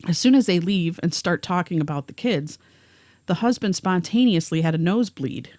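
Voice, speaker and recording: A woman's voice: lowish voice, animated, normal speed, a little mellow, dry recording, studio quality. A woman co-hosting a podcast, narrating a first-hand story and reading the witness's words aloud. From rural area. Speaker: podcast co-host.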